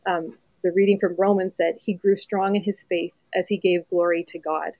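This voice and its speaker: A woman in her forties, a mother, talking earnestly and reflectively about her faith on a podcast, with soft laughs along the way. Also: on the low side, flat delivery, moderate pace, no room sound, lo-fi sound.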